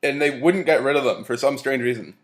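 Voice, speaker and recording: A man's voice: medium pitch, a little fast. A man co-hosting a podcast, recapping a show bluntly with sardonic, profane remarks. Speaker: podcast co-host.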